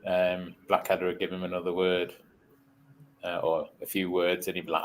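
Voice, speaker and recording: Low-voiced hesitant man co-hosting. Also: completely flat delivery, fairly quick, slight background noise. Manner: hesitant, full of ums and fillers, dry teasing. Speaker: co-host. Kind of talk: casual live chat.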